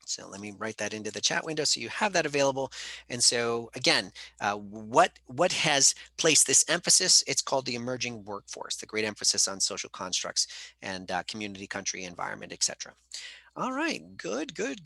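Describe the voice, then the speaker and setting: A man's voice: on the low side, a little fast, vocal fry, sharp tone, no echo. A man teaching a live online college lecture, answering students' chat questions in a conversational way with frequent fillers. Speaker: college instructor.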